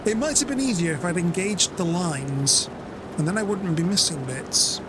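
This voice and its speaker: A man's voice: animated, normal speed. A British man streaming a farming game, chatting casually and mocking himself, sometimes acting out his friends. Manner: chatty, self-mocking, acts out friends in high voices. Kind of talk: casual gameplay chat. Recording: game sounds and vehicle noise behind.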